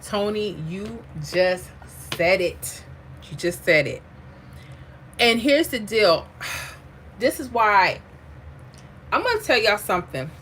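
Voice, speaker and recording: A woman hosting a lottery livestream, chatting casually, reading viewer comments aloud and drifting into animated asides. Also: medium pitch, slight background noise.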